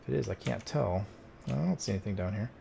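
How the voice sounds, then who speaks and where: Gravelly man muttering at a game. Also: on the low side, animated, quick pace, dark tone, slight background noise. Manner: muttering, exasperated, talks to the game. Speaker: streamer playing a cleaning game. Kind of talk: casual gameplay commentary.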